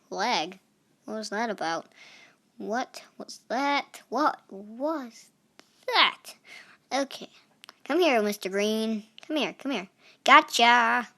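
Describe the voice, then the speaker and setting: A woman's voice: mid-range voice, fairly bright tone. A young woman giving casual, chatty commentary over a phone game, reacting with playful exclamations. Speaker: gaming channel host.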